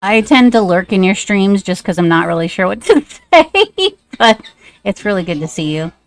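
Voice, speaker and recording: A woman's voice: medium pitch, sing-song, normal speed, no room sound. A woman streamer chatting casually and rambling, with many fillers, while she draws live. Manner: sing-song baby talk to a pet.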